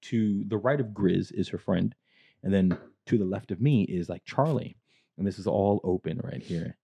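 A man co-hosting a podcast, telling stories in a crude, animated way and acting out the people he quotes. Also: sits low, moderate pace, gravelly, breathy edge. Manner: crude, animated storyteller who acts out quotes. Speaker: podcast co-host. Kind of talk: casual storytelling chat.

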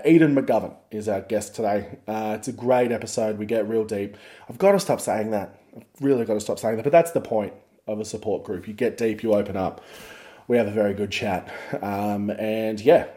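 A man hosting a podcast, rambling and joking in a casual monologue that turns loud and excited as he retells a story. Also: lowish voice. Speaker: podcast host.

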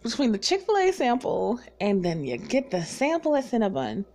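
A woman's voice: fairly high pitch, very animated, normal speed, a little mellow. A woman from the Southern US with no regional accent, casually telling stories in a chatty, profane way and laughing often. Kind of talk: casual storytelling chat.

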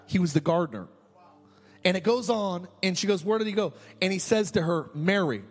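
A man's voice: sits high, expressive, brisk, slightly rough. A man preaching a sermon as a pastor, asking rhetorical questions and repeating key phrases.

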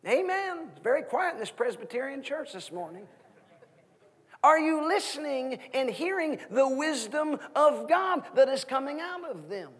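A man in his thirties preaching a sermon as guest minister, asking the congregation questions in an animated way. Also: very high voice, slightly rough, big-room sound. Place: church sanctuary.

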